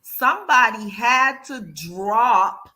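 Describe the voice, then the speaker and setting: Woman talk show host, bright high-ish voice, animated chat style that acts out quotes. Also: slow pace. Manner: animated, acts out quoted excuses, repeats "yada, yada". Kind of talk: casual chat.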